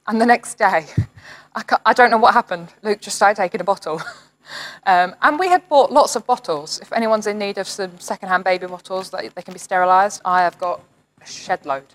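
Lady doing an earnest online sermon, encouraging, reads scripture out loud. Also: mid-range voice, low-quality recording. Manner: earnest, encouraging, reading scripture aloud with rising emphasis. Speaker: church leader.

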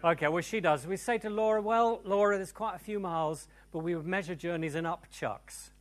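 A man preaching a sermon to a church congregation, emphatic and animated, moving from loud cries to hushed tones. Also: sits high, a little fast. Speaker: pastor. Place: church service before a congregation.

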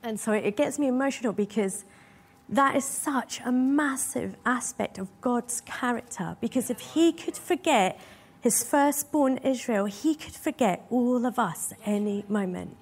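A woman's voice: fairly high pitch, a little slow, husky. A woman preaching a sermon in a church hall, earnest and emotional, asking her listeners many rhetorical questions.

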